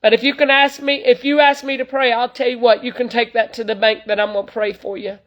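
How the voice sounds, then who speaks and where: A woman's voice: fairly high pitch, little pitch movement, fast talker, highs cut off. A woman, preaching informally to online viewers in an earnest, folksy way, full of "you know". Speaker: traveling evangelist.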